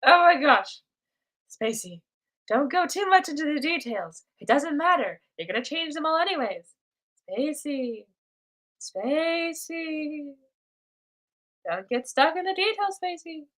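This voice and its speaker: A woman's voice: high voice, expressive, a little slow, long pauses, a bit bright. A young woman chatting casually while drawing on a live stream, playfully talking to herself and to chat.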